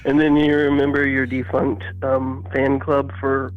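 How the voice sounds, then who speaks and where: Deadpan man on a muffled line. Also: medium pitch, a little slow. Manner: dry, meandering, deadpan. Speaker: podcast co-host. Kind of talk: deadpan comedic banter. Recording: muffled lo-fi audio.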